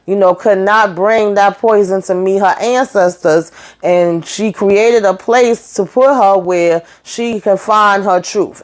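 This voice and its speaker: A woman's voice: on the low side, darkish tone. Sassy woman recapping a TV episode. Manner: sassy, emphatic, slangy storytelling; tags lines with "okay?" and "baby". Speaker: TV show reviewer.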